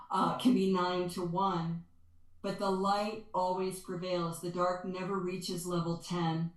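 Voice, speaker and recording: Woman, energy healer, interview guest; earnest, expressive, mid pitch, echoey room. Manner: earnest and expressive, stresses words by repeating them. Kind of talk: conversational interview, explaining and storytelling.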